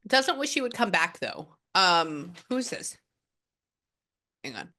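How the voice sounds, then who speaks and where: Bright-voiced chatty woman medium. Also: lowish voice, very animated, slow pace. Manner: chatty, rambling, casual swearing. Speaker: psychic medium. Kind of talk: casual spirit reading session.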